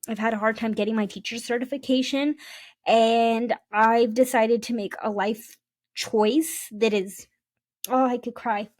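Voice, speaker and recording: A woman's voice: on the high side, a little mellow, dry recording, studio quality. Chatty young woman podcast host. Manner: chatty and digressive, many ums and restarts. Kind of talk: casual storytelling podcast.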